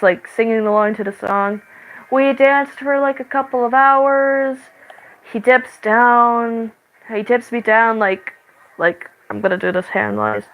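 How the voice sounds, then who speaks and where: A channel host shares a dream she had in a casual, halting way, often stopping and restarting, filling gaps with "like" and giggling. Her fairly high, slightly bright voice comes through a low-quality recording.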